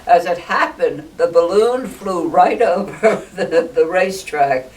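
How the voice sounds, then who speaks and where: A woman's voice: lowish voice, expressive, a little slow, a little mellow. Older woman telling stories, mic far off. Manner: chatty, laughs often, acts out quotes. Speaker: interviewee, ballooning pioneer. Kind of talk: casual storytelling interview. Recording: distant mic with faint noise.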